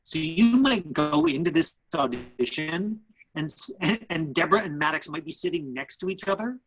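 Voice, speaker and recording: A man coaching actors in a live online acting class over a video call. He talks in a halting way, full of fillers and restarts. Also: on the high side, big pitch swings, fairly bright tone, slight background noise, poor audio.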